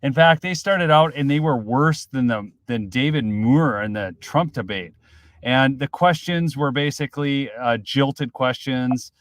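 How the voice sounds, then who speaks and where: Excitable male livestream commentator, dry sound. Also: mid-range voice, unhurried, dry recording. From Minnesota. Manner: excitable, swings from loud outbursts to mutters. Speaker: political commentary streamer. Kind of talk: live-stream commentary.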